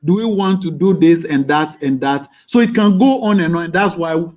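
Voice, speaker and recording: A man's voice: on the high side, moderate pace, a little mellow. A man advising students in an emphatic way, repeating phrases and stammering on fillers. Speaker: presenter. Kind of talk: advisory talk.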